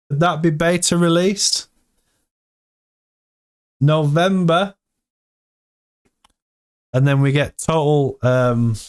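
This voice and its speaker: Excitable man hyping crypto. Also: a little high, clean tone. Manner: excitable, hyped, talks to viewers as "team". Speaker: crypto vlogger. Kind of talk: casual commentary, reading out an AMA.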